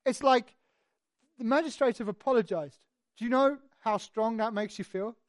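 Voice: mid-range voice, normal speed, no echo, clean studio sound. A preacher giving an expository sermon in a conversational way, asking rhetorical questions and retelling the story with animation.

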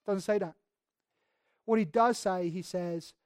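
A preacher giving an expository sermon in a conversational, emphatic way, often restarting phrases and acting out quoted speech with sudden swings in loudness. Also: mid-range voice, moderate pace, dry recording, studio quality. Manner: acts out quoted speech with sudden shifts in volume.

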